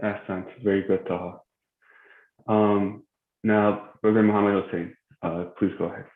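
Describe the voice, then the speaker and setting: Low-voiced man teaching over a tinny call. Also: flat delivery. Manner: patient, many "um" pauses, spells out pronunciations slowly. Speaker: tajweed teacher. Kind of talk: online class instruction. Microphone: video call. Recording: tinny phone-like call audio in an echoey room.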